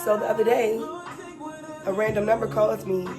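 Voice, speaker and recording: A young woman vlogger in casual chat, telling a personal story with animated, emphatic asides and exasperated repetition. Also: medium pitch, moderate pace, music in the background.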